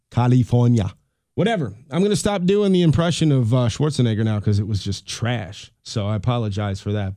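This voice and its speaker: A man's voice: medium pitch, warm tone, no room sound, studio quality. A middle-aged man hosting his own podcast, talking in a rambling, chatty, self-deprecating way. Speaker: podcast host. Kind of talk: casual solo podcast monologue.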